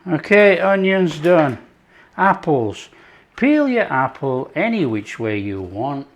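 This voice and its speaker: A man's voice: fairly high pitch, slow pace. A man hosting his own cooking show, chatting casually as he prepares a dish. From not France. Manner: chatty, relaxed, talks while working.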